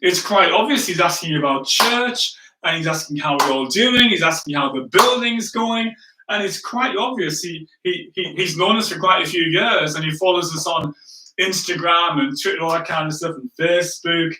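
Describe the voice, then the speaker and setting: Pastor telling a story in a sermon, high and bright, self-mocking, lots of "right?" asides, roomy sound. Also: male voice, normal speed. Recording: echoey room, distant from the mic.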